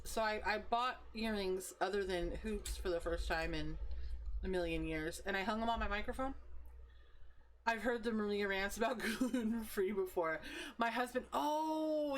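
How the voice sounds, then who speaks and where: A talkative woman in her thirties streams live, rambling, cursing casually and laughing as she replies to chat. Her voice sits at an ordinary middle pitch. A faint hiss of background noise runs under it. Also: expressive, slow. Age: 30s. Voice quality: profane, rambling, laughs often.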